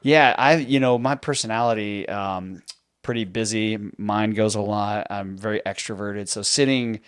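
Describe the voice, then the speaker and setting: Male podcast host, 30s, low voice, dry close sound, chatty storyteller. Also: moderate pace, clean tone, no room sound. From near Houston, Texas. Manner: chatty, storytelling, laughs easily. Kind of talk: casual conversational interview.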